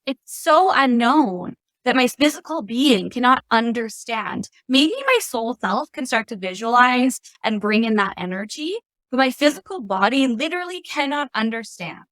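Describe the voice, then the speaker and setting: A woman's voice: on the high side, animated, normal speed, no echo. A woman guest on a podcast, a spiritual life coach speaking earnestly and reflectively. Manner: earnest, reflective, softening to quiet. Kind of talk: casual conversation.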